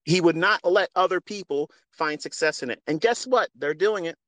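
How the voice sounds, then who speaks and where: A man talks straight into his phone with a fairly high voice, dry and close with no room around it. He preaches in an unscripted, earnest way and swears freely. His level swings from low and quiet to loud and pressing. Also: normal speed, no room sound. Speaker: trading mentor hosting a live audio space. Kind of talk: impassioned unscripted monologue.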